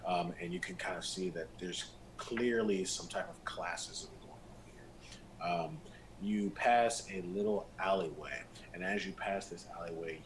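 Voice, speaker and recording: A man narrating as game master of a tabletop role-playing game, relaxed and descriptive. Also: deep voice, unhurried, noisy background.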